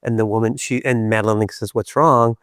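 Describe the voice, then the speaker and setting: A man hosting a podcast, telling reflective spiritual stories in an animated, playful way with many hesitations. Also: on the low side, very fast, smooth, dry recording, clean studio sound. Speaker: podcast host.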